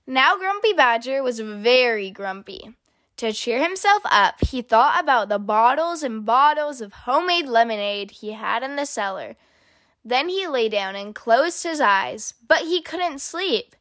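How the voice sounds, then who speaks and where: A woman reading a children's picture book aloud, with expressive, animated storytelling. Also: fairly high pitch, measured pace, no room sound, clean studio sound.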